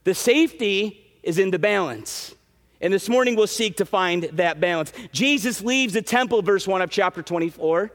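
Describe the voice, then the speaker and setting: A man preaching a sermon as pastor, earnest and emphatic, with quick asides and restarts. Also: sits high, expressive, in a large hall. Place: church sanctuary.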